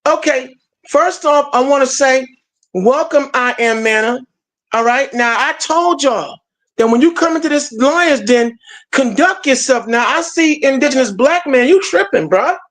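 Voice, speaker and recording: A man's voice: very high-pitched, lively intonation, a little slow, fairly bright tone. A man hosting a heated live stream show, fired up and calling people out by name.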